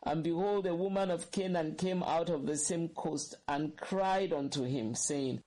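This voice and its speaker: A man preaching a sermon, reading scripture slowly and measuredly, rising to fervent pleading cries. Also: a little high, mellow, low-quality recording.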